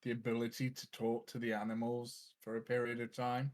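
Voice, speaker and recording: A man in casual chat, making slow, wry remarks. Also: mid-range voice, completely flat delivery.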